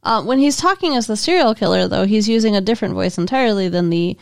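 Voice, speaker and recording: A woman's voice: medium pitch, animated, fast talker, vocal fry, dry recording. Casual female co-host, blunt, dry close sound. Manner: casual, blunt, groans in disgust. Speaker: podcast co-host. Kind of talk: casual movie discussion.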